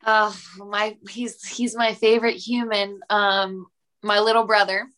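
A young woman guest on a podcast, talking earnestly and warmly in a casual conversation, laughing often and acting out little scenes. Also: mid-range voice, measured pace. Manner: warm, earnest, laughs often, animated retelling.

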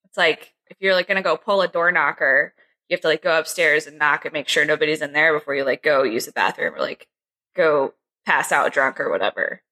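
A woman co-hosting a podcast in casual chat, giggly and animated, with quick jokes and some swearing. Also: sits low. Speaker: podcast co-host.

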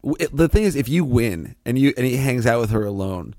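Gravelly deadpan man, teasing co-host. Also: medium pitch, a little fast, dry recording, clean studio sound. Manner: deadpan teasing, laughs often. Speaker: podcast co-host. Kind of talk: casual comedic chat.

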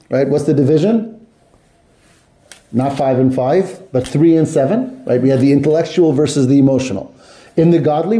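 A man's voice: fairly high pitch, dark tone. A man teaching a text study class to students, explaining step by step and putting questions to the class. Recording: echoey room.

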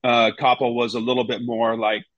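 Speaking at normal speed and medium pitch, this ex-goalkeeper is captured on a dry recording with the highs cut off. In a casual interview he spins lively stories, raising his voice to imitate his coaches.

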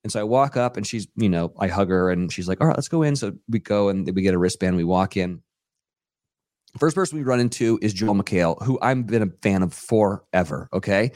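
A man guesting on a podcast, telling a long anecdote in a loose, animated way with plenty of fillers and acted-out quotes. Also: fairly low pitch, fairly quick, dry recording, clean studio sound. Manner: animated storyteller who acts out quotes, many fillers. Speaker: podcast guest, radio DJ and TV personality. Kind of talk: casual anecdotal storytelling. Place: podcast studio.

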